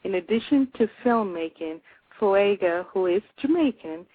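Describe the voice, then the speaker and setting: A woman hosting a show, reading out a guest's introduction, stressing each item of a list deliberately. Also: medium pitch, lively intonation, slightly rough. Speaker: host. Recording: dry tinny phone-like sound.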